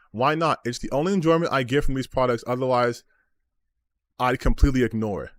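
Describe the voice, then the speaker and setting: A man's voice: mid-range voice, fairly quick, dry recording. A man streaming as a gaming commentator, ranting about online comments with sarcasm, exasperation and frequent swearing.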